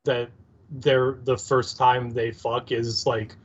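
A man's voice: medium pitch, level tone, slow pace, slight background noise. A man co-hosting a casual recap podcast, laid-back, agreeing often and cracking crude jokes. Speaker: podcast co-host. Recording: dull lo-fi sound.

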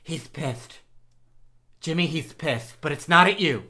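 A man's voice: fairly high pitch, expressive, normal speed, pushed and bright. A man playing a comedic psychic medium on a podcast, speaking in a mock-solemn, theatrical way when he channels spirits. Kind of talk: improvised comedy sketch.

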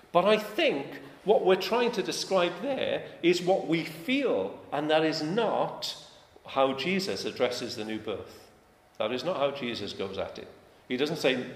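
A man's voice: on the high side, very animated, normal speed. A man preaching a sermon, talking in a conversational way and putting questions to the congregation with emphasis. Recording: echoey hall, faint ambience.

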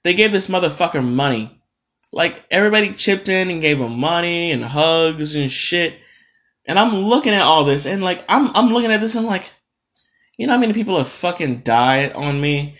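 A man's voice: on the high side, expressive, normal speed, a bit bright. A man hosting a solo podcast, ranting in a casual, profane, exasperated way. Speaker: podcast host.

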